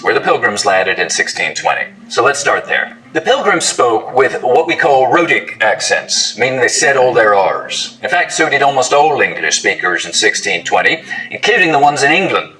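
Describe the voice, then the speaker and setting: A man giving a scripted explanation of accents in a clear, teaching manner. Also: medium pitch, sharp tone, distant mic, rough recording. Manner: clear, didactic, demonstrates sounds. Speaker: accent coach.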